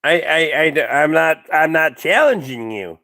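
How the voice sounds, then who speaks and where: A Canadian man in his forties hosts a casual live chat, tripping over his words in excited restarts. His pitch swings in a lively way and sits a little high. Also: normal speed. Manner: stammering, excitable, laughs a lot. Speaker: live stream host.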